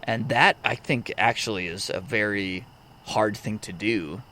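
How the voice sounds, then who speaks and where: Reflective podcast host, low voice. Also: male voice, pushed and bright, a little hiss or hum. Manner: reflective, halting, many restarts. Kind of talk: casual podcast chat.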